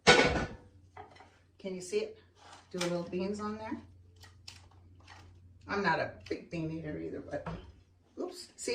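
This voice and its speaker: Home cook woman, chatty and a little high, recorded on a distant camera in an echoey kitchen. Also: a bit bright, slight background noise. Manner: chatty, talks straight to viewers; eats and talks with mouth full. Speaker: home cooking host. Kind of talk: casual cooking demo chat. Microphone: camera mic set far off. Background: faint clatter of dishes and pans.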